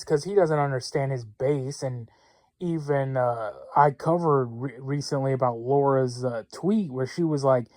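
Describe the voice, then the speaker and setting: A man's voice: medium pitch, moderate pace, darkish tone, no room sound. Blunt, rambling political talk-show man. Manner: rambling, many fillers and restarts, blunt. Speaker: political commentary host. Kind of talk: casual opinion monologue.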